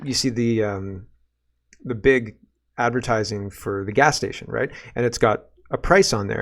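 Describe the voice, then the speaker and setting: A man's voice: on the low side, a bit bright. A Canadian man hosting a casual solo political commentary show, reading viewer comments aloud and reacting with sarcasm and exasperation. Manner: sarcastic, exasperated, mocking voices in quotes.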